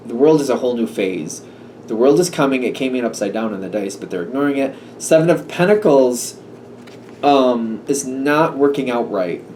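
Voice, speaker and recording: A medium-pitched man with a darkish tone does a relaxed tarot reading monologue, hesitant and musing, with lots of ums and false starts. The mic is a bit distant, leaving a faint hum of room noise.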